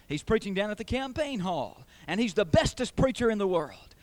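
A loving mother coaxing her son, as a man preaching puts her on, earnest and warm-hearted in a told story. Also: sits high, sing-song, normal speed, dry recording, pitched above the performer's own voice.

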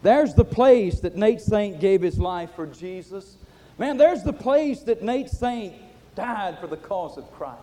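Preacher doing an excited young missionary man. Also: sits high, unhurried, few pauses, pitched above the performer's own voice. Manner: eager, exclaiming.

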